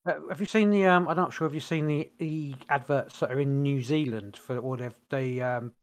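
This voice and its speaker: A man's voice: mid-range voice, normal speed. A man co-hosting a podcast, rambling and searching for words with many restarts. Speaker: podcast co-host. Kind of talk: casual chat.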